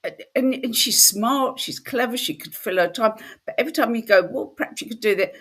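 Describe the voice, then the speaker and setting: A woman who hosts spiritual workshops, chatting casually and telling stories with lively quoted voices. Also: on the high side, a little fast, slightly rough. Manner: animated storytelling, slips into quoted voices. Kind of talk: casual chat.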